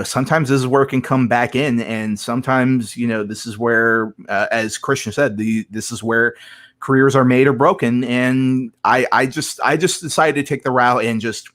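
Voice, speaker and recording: A man speaking at a middling pitch, answering podcast questions in a casual way. He hesitates, restarts his sentences and fills the gaps with ums. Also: fairly bright tone. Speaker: podcast guest, competitor.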